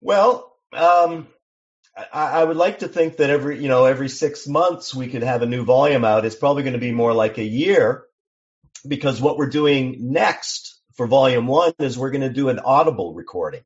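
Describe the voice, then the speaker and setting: A man from Seattle, a songwriter guest on a podcast, explaining things in a measured way with frequent restarts. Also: mid-range voice, lo-fi sound. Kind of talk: casual interview chat.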